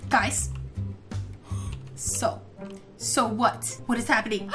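A woman's voice: on the high side, huge pitch swings, extremely slow, fairly bright tone, faint music behind. A woman hosting a game role-play video, playing a kid and reacting dramatically with gasps and exclamations. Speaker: gaming channel host.

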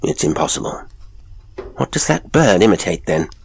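A man voicing a skeptical priest who answers calmly and with gentle obstinacy. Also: fairly low pitch, moderate pace, gravelly, breathy edge, heavily acted. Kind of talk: audiobook character voice.

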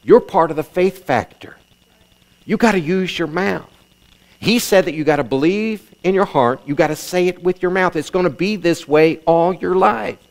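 Middle-aged male pastor, sermon delivery, emphatic and repetitive, voice sits a bit high for a man. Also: moderate pace. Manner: emphatic preaching with repetition and scripture reading.

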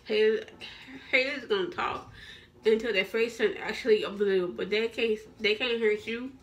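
Speaking at a normal speed in a medium-pitched voice, this woman sits far from the mic. She's a vlogger delivering an encouraging but preachy, repetitive motivational message, frequently starting her sentences over.

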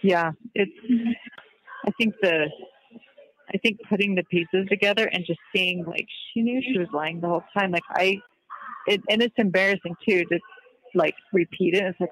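A woman's voice: on the low side, fairly even intonation, moderate pace, no echo, low-quality recording. A woman on a recorded call, talking earnestly and reflectively, often trailing off as she searches for words. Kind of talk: reflective conversation.

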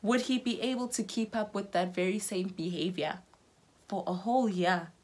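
A woman's voice: medium pitch, moderate pace, a little mellow. Young woman, South African accent, casual chat, insistent, repeats points. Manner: insistent, repeats herself, mixes in Zulu words. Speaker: host.

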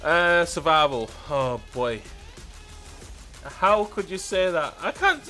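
Young British male streamer, playful and giggly, slightly high voice, faint music behind. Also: lively intonation, slow, pushed and bright. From United Kingdom. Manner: playful, laughs often, pleading bursts. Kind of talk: live game stream chat.

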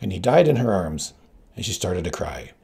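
Gravelly man reading a storybook aloud. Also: very animated, normal speed. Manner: reads all characters with shifting pitch, quiet narration tags. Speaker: audiobook reader. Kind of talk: scripted narration.

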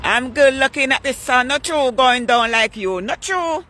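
An older woman, chatting casually on a live stream while walking outdoors at night, greeting her viewers by name in a relaxed way. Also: high-pitched, normal speed, slight background noise. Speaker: vlogger hosting a live stream.

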